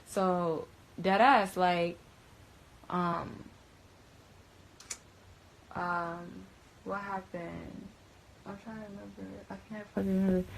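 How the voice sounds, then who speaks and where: A woman's voice: mid-range voice, steady tone, unhurried, vocal fry, long pauses, slight background noise. Young woman telling a story in slangy, rambling talk. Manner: slangy, profane, rambling, with frequent fillers. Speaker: storyteller recounting events. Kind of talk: casual storytelling.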